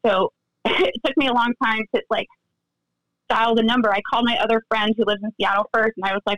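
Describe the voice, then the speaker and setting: Woman, bright high voice, animated storytelling, acts out dialogue, dry close mic. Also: quick pace, dry recording, poor audio. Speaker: guest, friend recounting events. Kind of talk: casual interview storytelling.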